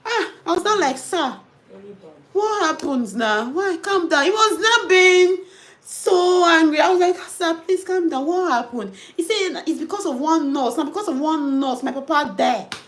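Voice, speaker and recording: A young Nigerian nurse chatting casually, reading comments and telling animated stories with pidgin phrases mixed in. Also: female voice, sits high, moderate pace. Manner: animated storytelling, mixing in pidgin. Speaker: nurse and host.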